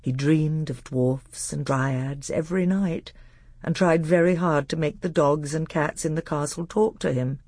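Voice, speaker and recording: A narrator reading a children's fantasy novel aloud in an expressive, animated storytelling manner. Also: mid-range voice, a little slow, no echo.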